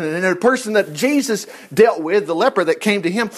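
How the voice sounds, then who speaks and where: Animated man teaching the Bible. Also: sits high, fairly quick, hardly any pauses. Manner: animated, acts out voices of people in the story. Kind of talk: folksy Bible study teaching.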